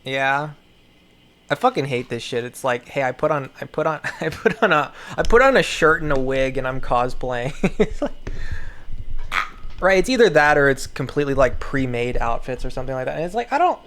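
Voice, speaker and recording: A woman's voice: a bass voice, expressive, moderate pace, a little hiss or hum. A woman giving casual commentary in a profane, rambling, exasperated way. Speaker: video creator.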